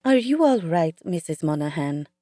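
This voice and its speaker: A woman voicing a kind, bustling female caretaker with an Eastern European accent, coaxing and brisk. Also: sits low, sing-song, dark tone, dry recording, studio quality. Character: kindly female caretaker with a foreign lilt.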